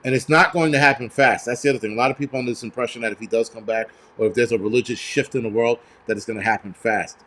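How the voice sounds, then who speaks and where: A man's voice: medium pitch, steady tone, very fast, hardly any pauses, fairly bright tone. A man hosting a live stream, ranting bluntly and profanely with many fillers while answering viewers in the chat. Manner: reads out viewer donations and chat. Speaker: livestream host.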